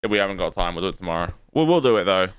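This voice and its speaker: A man co-hosts a casual live stream, talking in a hedging, unsure way with frequent restarts. His voice is low and smooth. The sound is dry and close. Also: animated, rapid-fire, no echo. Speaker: stream co-host. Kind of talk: casual drama-commentary chat.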